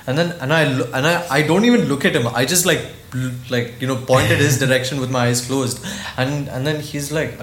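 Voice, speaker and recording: A man's voice: medium pitch, a little fast, few pauses. Swearing young man telling a story. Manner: animated, swears a lot, mimics his parents. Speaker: podcast guest. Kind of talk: casual storytelling. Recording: echoey room with faint noise.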